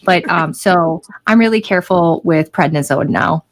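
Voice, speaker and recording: A woman on a casual panel chat, telling a story in a brisk, matter-of-fact way. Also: lowish voice.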